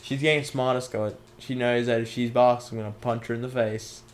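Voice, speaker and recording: A man's voice: steady tone, brisk. A teenage boy, chatting and joking on a casual podcast. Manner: joking, jumpy pitch. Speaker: podcast host. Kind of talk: casual chat.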